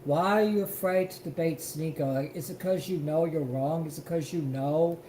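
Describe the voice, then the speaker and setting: A man's voice: fairly high pitch, normal speed, mellow, reverberant, slight background noise, low-quality recording. A man co-hosting a live stream, reacting to a clip in an emphatic, profane rant. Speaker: stream co-host.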